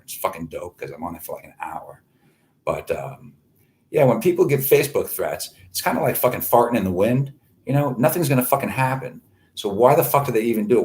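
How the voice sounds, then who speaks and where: A man hosting his own online show, talking in a profane, boastful, meandering monologue from home. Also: lowish voice. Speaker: livestream host. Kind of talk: rambling crude monologue.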